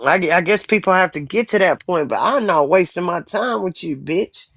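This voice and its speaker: A woman's voice: on the low side, lively intonation, normal speed, a bit bright, no room sound, clean studio sound. A woman in her forties chatting bluntly and profanely on a live stream. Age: 40s. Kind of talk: casual live stream chat.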